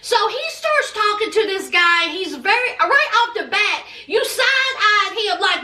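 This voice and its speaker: A woman with a very high, bright voice recaps a show in a chatty, sassy way, tossing in honey and child. Her voice rings around an echoey room, picked up from a little distance. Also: lively intonation, a little slow, few pauses. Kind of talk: casual gossipy recap. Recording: roomy echo, mic at a distance.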